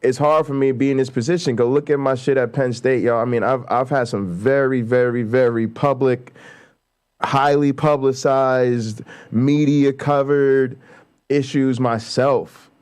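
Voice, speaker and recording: A man's voice: medium pitch, steady tone, a little slow, darkish tone, smooth. A man hosting a casual livestream, talking bluntly and profanely and building to heated, emphatic outbursts. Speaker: show host.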